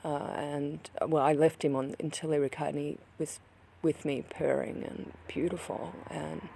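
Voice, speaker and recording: Grieving vlogger, heavy vocal fry, halting delivery, sometimes whispered. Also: medium pitch, little pitch movement, dark tone, a little hiss or hum. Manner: halting, many restarts, drops to a whisper. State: upset, grieving. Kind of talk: personal account to camera.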